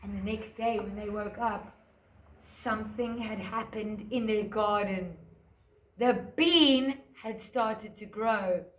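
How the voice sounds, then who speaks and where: A woman, a teacher telling a fairy tale to young children and guiding a craft, in a gentle sing-song voice that stretches words out. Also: mid-range voice, takes it slowly, echoey room. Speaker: preschool teacher. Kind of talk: storytelling and craft lesson for children.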